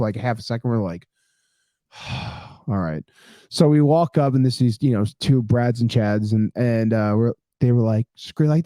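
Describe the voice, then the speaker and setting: A man in his thirties tells a story on a casual podcast, jumping into the voices of the people in it and swearing freely. His voice is mellow and relaxed. The sound is dry and close. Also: mid-range voice, dry recording. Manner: animated storyteller, acts out quotes, swears casually. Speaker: podcast co-host.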